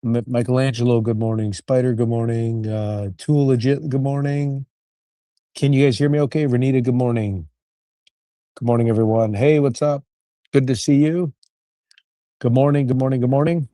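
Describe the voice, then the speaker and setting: A man's voice: mid-range voice, steady tone, mellow, dry recording, clean studio sound. A man hosting a livestream, greeting viewers one after another and introducing an update. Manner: rapid-fire greetings to chat. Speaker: livestream host.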